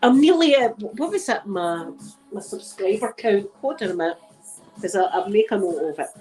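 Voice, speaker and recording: Slightly drunk, a Scottish ASMR host chats casually and candidly with viewers in a meandering live session. Her medium-pitched voice is animated and darkish at a moderate pace, with faint music behind and a rough recording.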